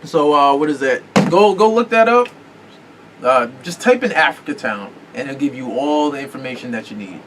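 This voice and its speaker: A man's voice: mid-range voice, expressive, normal speed, fairly bright tone. Rambling, cursing podcast host man. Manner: rambling, profane, searches for words. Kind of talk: casual podcast chat. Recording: distant mic with faint room noise.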